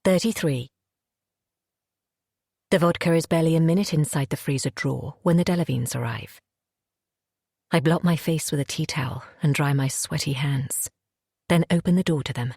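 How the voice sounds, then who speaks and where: A woman narrates a thriller in a low, husky voice, her first-person telling tense and haunted. The studio sound is close and completely dry. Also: normal speed, long pauses, a little mellow, dry recording. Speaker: audiobook narrator.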